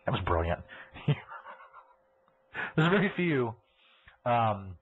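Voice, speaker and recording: A man's voice: medium pitch, big pitch swings, slow, slightly rough. A man hosting a live podcast, ranting crudely and sarcastically. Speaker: podcast host. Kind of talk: profane live podcast rant. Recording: tinny phone-like audio.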